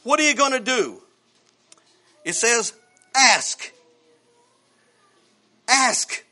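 A man preaching a fervent sermon, swinging from shouts to hushed tones, with folksy phrasing and rhetorical questions. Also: high voice. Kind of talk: evangelical sermon.

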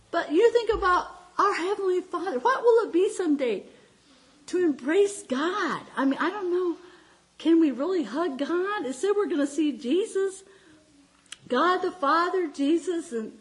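Middle-aged lady preacher, high voice, animated heartfelt storytelling, laughs a lot. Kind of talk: sermon with personal stories.

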